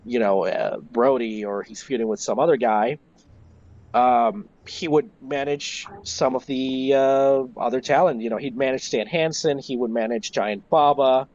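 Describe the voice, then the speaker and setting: A man, a wrestling historian, telling stories in a casual interview, animated and swearing freely. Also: medium pitch, unhurried. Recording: lo-fi voice chat.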